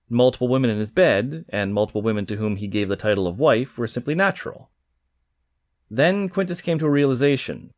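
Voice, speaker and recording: Man reading a story, lively pitch. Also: no room sound, studio quality. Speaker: narrator. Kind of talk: audiobook narration.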